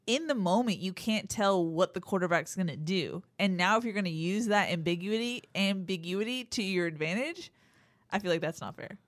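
A woman's voice: mid-range voice, fairly bright tone, no room sound, studio quality. A woman co-hosting a casual podcast chat, playful and teasing, often laughing. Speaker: podcast co-host.

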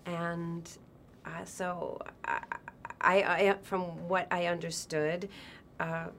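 A woman's voice: fairly low pitch, flat delivery, takes it slowly, vocal fry, fairly bright tone. A woman who is an actress guest in a press interview, answering thoughtfully and searching for her words.

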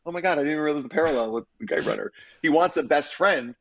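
A man, an actor and guest in an interview, telling stories in an animated and expressive way with frequent restarts. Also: fairly high pitch, fast, vocal fry, dry recording. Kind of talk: conversational interview storytelling. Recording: slightly dull, dry audio.

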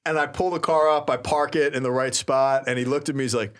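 A man who is a priest, telling a story in a casual, animated, slangy way and laughing often on a talk show. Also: medium pitch, a little fast. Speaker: priest, co-host.

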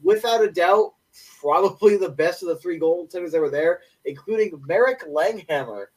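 A man's voice: sits high, expressive, a little mellow. A young man co-hosting a sports podcast, running through stats in an enthusiastic, opinionated way. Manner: enthusiastic, opinionated, quick stat rundowns. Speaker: podcast co-host. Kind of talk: casual sports podcast chat. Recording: voice a bit distant from mic.

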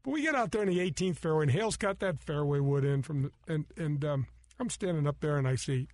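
A middle-aged man hosting a golf show, telling stories in animated, casual chat, acting out voices and laughing often. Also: fairly high pitch, fast.

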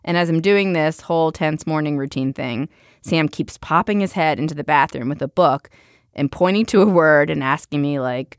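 A woman's voice: deep voice, moderate pace, no echo, studio quality. A woman in her thirties, a podcast co-host chatting casually, rambling through stories with frequent fillers and laughs. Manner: rambling storyteller, laughs often. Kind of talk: casual chat.

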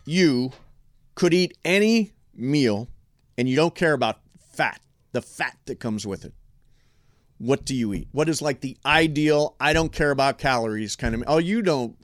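A man hosting a casual sports radio show, playful, with loud, drawn-out exclamations. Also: medium pitch, animated, dry recording, clean studio sound.

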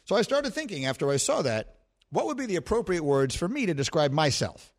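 A man's voice: a little high, very animated, fairly quick. A middle-aged man hosting a sports talk show, chatting in a playful, talkative, self-mocking way. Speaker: radio and podcast host. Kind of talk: casual sports talk banter.

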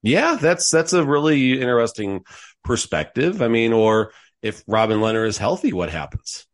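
A man's voice: medium pitch, moderate pace. A man co-hosting a sports podcast, rambling through what-if ideas with lots of fillers. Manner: animated, rambling with many fillers and what-ifs. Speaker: podcast co-host. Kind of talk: casual sports chat.

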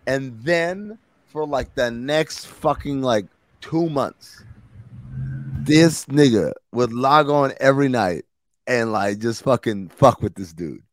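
A young man hosting a podcast, telling a story in an animated, profane, slangy way. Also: medium pitch, slow pace, dry recording, clean studio sound. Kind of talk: comedic storytelling.

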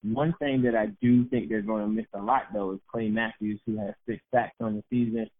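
A man with a fairly low voice chats casually about football as a podcast co-host, easygoing and quick to laugh at himself. The sound is thin and narrow, like a phone line. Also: fairly even intonation, a little hiss or hum. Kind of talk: casual sports talk.

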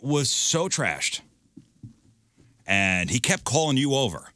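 Male host, casual storyteller, bright and animated, dry close mic. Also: mid-range voice, takes it slowly, no echo. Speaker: radio show host. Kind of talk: casual chat.

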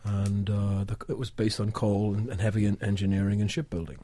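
Husky man from Northeast England. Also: on the low side, flat delivery, brisk, warm tone, no echo. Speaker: songwriter, guest. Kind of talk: interview conversation.

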